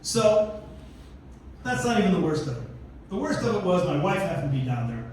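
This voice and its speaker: A middle-aged man doing a stand-up comedy routine on a theater stage, telling stories in an animated way and acting out the characters. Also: high voice, fairly quick, slight background noise. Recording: echoey theater from far off, faint ambience.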